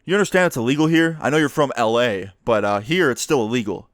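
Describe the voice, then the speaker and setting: A man voicing an irritated male police officer who yells and lectures. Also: mid-range voice, lively intonation, quick pace, no room sound, clean studio sound, close to an everyday voice. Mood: scolding. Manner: yelling, lecturing.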